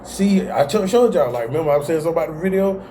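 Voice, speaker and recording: A man's voice: a little high, animated, very fast, mellow, slight background noise. A man hosting a casual self-help video, talking animatedly in slang and often laughing at himself. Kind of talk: casual motivational talk to camera.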